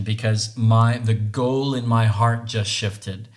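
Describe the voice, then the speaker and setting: An earnest man speaking as a podcast host, thinking aloud about relationships. He circles back, restarts his phrases and keeps checking in with a quick "right?". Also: fairly low pitch, steady tone. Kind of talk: reflective monologue on relationships.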